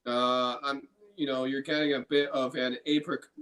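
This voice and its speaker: A man's voice: mid-range voice, little pitch movement, normal speed, a bit bright, rough recording. A man from Illinois hosting a casual beer review, enthusiastic and profane, often repeating his phrases. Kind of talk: casual beer tasting chat.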